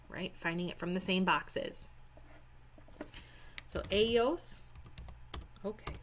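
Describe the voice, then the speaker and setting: A woman's voice: lowish voice, slow, long pauses, a bit bright, slight background noise. A young woman teacher, patiently talking students through a screen-recorded language worksheet and spelling words out. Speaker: Spanish teacher. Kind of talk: screen-recorded lesson walkthrough.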